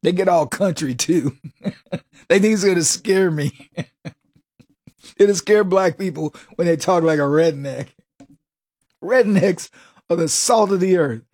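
A man's voice: high voice, slow pace, long pauses, a little mellow. A man hosting a radio talk show, delivering an emphatic, mocking political monologue and chuckling at his own jokes.

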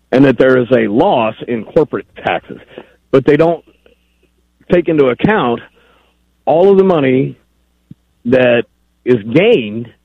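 Gravelly man calling in over the phone. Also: mid-range voice, no room sound. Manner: rambling, argumentative, pressing the host. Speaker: caller. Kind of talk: phone-in call. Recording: dull lo-fi phone line.

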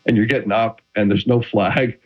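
A man's voice: on the low side, moderate pace, breathy edge. A middle-aged man, a retired quarterback, chatting as an interview guest and telling stories with many restarts. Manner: animated storytelling with many restarts. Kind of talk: casual interview chat. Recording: dull lo-fi audio.

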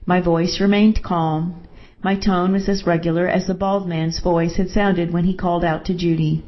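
Woman, low voice, steady narration, first-person story reading, muffled lo-fi recording. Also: moderate pace.

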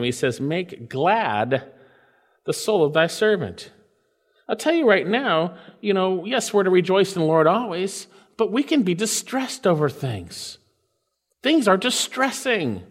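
A pastor preaching a sermon, swinging between loud and soft and slowing down to stretch out quoted scripture. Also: male voice, high voice, big pitch swings, long reverb tail.

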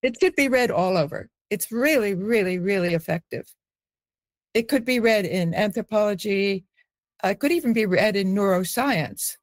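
A woman's voice: medium pitch, lively intonation, normal speed, no room sound. A woman philosopher gives an interview, pressing her points with emphatic, searching questions. The recording is close and dry.

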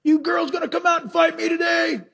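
A man voicing a boastful giant warrior who shouts taunts at an enemy army. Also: very high voice, fairly even intonation, brisk, vocal fry, long reverb tail, pitched above the performer's own voice, heavily acted. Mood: taunting.

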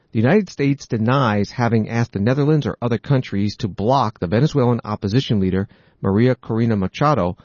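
A man presenting the news, reading out articles and introducing clips in a steady, matter-of-fact way. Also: fairly low pitch, no room sound. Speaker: news commentator. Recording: dry, dull audio.

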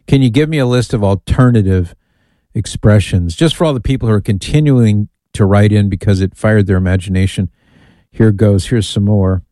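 A man's voice: on the low side, moderate pace, mellow, no room sound. A man hosting a call-in radio show, playfully reading out lists with amused asides. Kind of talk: casual talk radio.

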